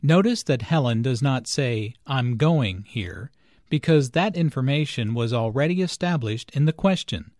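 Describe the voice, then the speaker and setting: Brief: measured male teacher voice, slow and lively in pitch, dry close studio sound. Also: no room sound. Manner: careful, clearly enunciated explanations. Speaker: English lesson narrator. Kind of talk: slow scripted teaching narration.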